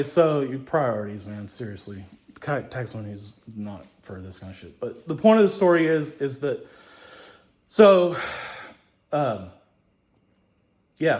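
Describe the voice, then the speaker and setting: A man tells a personal story in a rambling, profane way. He keeps restarting and repeating himself, and his mid-pitched voice swings between low mutters and sudden loud outbursts. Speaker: show host.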